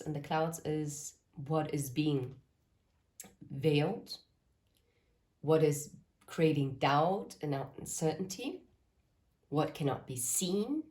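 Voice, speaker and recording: A woman's voice: sits low, darkish tone. A woman reading tarot cards to her viewers, talking earnestly about spirit messages and breaking off into rambling asides. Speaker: tarot reader. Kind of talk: channeled tarot reading to camera.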